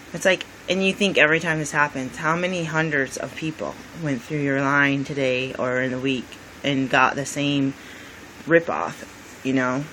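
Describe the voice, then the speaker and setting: A woman's voice: very deep voice, steady tone, moderate pace, bright, forceful tone, slight background noise, poor audio. A woman in her thirties, a medical student, talking in a rambling personal vlog, venting and acting out quoted exchanges.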